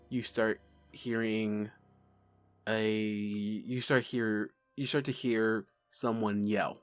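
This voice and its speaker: A man narrating as game master of a tabletop game, halting and unhurried. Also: on the low side.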